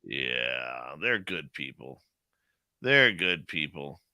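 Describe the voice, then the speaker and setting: A man's voice: a bass voice, very animated, takes it slowly, bright, forceful tone, dry recording. A man hosting a live radio show, chatting casually and joking as he greets listeners in the chat by name.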